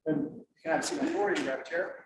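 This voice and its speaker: A middle-aged man presenting at a conference, lively and joking as he quizzes the audience. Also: on the high side, rapid-fire. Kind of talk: interactive workshop talk. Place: conference room. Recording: echoey room, mic far off, faint noise.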